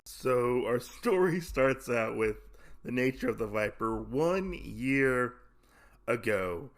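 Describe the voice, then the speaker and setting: Guy rambling thru a comic recap, jokes around, keeps correcting himself, normal pitch. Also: animated, slow pace, fairly bright tone. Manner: rambling, self-correcting, jokey. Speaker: comic podcast host. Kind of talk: casual recap and commentary.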